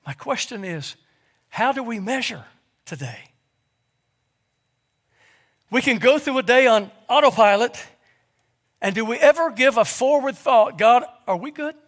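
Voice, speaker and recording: A man's voice: very high-pitched, expressive, unhurried, pauses often, fairly bright tone. A man preaching a sermon to his congregation in a church, full of rhetorical questions and stammered restarts. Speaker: pastor. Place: church sanctuary.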